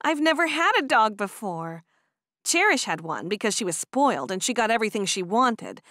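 A woman narrator voicing an eager, chatty young Amish woman who talks high and breathless. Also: sing-song, normal speed, sharp tone, dry recording, clean studio sound. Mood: delighted. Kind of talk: audiobook character voice.

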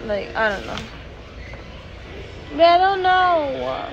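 A woman's voice: sits high, lively intonation, slow, creaky, muffled recording. Exasperated young woman vlogging, music behind. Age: young adult. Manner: frank, exasperated, curses freely. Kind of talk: casual vlog talk to camera.

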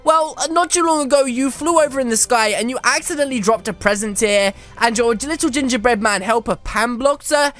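A woman hosting a game video, chatting and exclaiming in excited commentary. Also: fairly high pitch, brisk, few pauses. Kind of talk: excited let's-play commentary.

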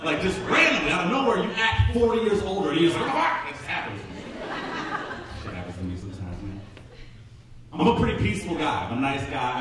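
A man in his thirties performing a live stand-up set in a comedy club, talking in a loose, profane, conversational way. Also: fairly high pitch. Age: 30s. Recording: roomy live club sound from a distance, crowd noise.

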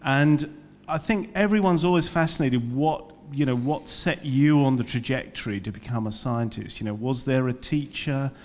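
A man with a medium-pitched, darkish voice hosts a live on-stage interview in a museum event hall before an audience, speaking at a moderate pace. His questions come out fluent and enthusiastic, and the large hall gives a long reverb.

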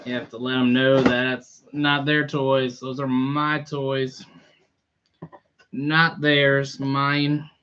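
A man live-streaming a toy unboxing in a relaxed, chatty way, greeting viewers by name. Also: medium pitch, takes it slowly, smooth, highs cut off. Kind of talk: casual live-stream chat.

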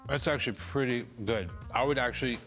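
A man who is a comedian and organizer, guesting on a casual show and talking in a lively way, laughing and swearing freely. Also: medium pitch, fairly quick, faint music behind. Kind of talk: casual chat.

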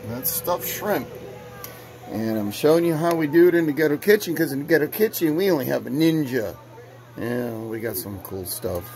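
A man's voice: medium pitch, gravelly, noisy background. A man hosting a casual home cooking vlog, rambling and joking as he talks to viewers from his kitchen. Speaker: host of a home cooking video.

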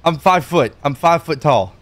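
Male streamer, cocky and jokey, winded from jumping, slightly high voice. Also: lively intonation, normal speed. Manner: boastful and joking, talking straight to chat; jumping around while talking, breathless at times. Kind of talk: casual live-stream game commentary.

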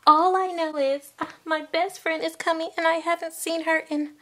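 A woman's voice: extremely high pitch, fairly even intonation, moderate pace, bright, forceful tone. A woman voicing the lead doll in a toy play video, cheerful and a little bossy.

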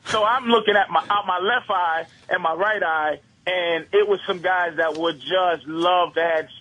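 A man tells a comic story as a radio guest, animated and profane, laughing through his own punchlines. His voice sits high and bright. It has a husky edge. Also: unhurried, low-quality recording. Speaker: comedian guest calling in.

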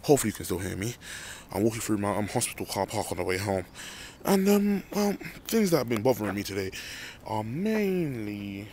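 A young vlogger walks home through an outdoor car park at night, delivering an animated, rambling rant to the handheld phone he's filming with. His fairly low voice is sing-song, fairly quick, and darkish in tone, with a little hiss or hum.

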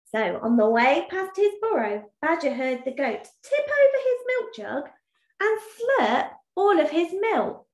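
Expressive, high-voiced woman teacher reading aloud. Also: unhurried. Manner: expressive and sing-song. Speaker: primary school teacher. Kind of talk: reading a storybook aloud in an online lesson. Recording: echoey room.

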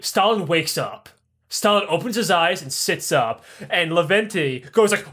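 A podcast host with a high, fairly bright voice talks at a normal speed. He tells history as a comedy story, swearing heavily and acting out people's lines in a crude, profane way.

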